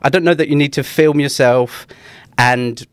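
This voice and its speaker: A man with a London accent co-hosts a podcast in easy, playful chat. He has a wry, goading sense of humour and a mid-pitched voice, recorded dry and close. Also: steady tone, normal speed, clean tone, no room sound. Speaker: podcast co-host. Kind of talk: casual chat.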